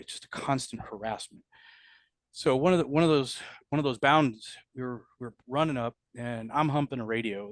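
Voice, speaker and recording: A middle-aged man recounts combat in a blunt, profane way, often stumbling and restarting mid-sentence. His voice sits at an ordinary pitch for a man. The sound is dry and close, with no room echo. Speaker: combat veteran interviewee. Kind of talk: candid storytelling interview.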